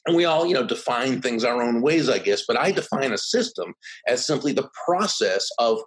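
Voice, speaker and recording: A man in his sixties, a podcast guest, telling stories in an animated way and acting out quotes. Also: mid-range voice, moderate pace, rough recording. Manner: animated, does voices when quoting others. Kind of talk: conversational storytelling.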